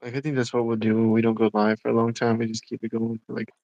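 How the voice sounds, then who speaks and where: A man's voice: medium pitch, completely flat delivery, quick pace, a little mellow, no echo, dull audio. A man co-hosting a livestream, chatting casually and rambling with lots of fillers. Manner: rambling, filler-heavy, "you know what I'm saying". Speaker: livestream co-host. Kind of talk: casual chat.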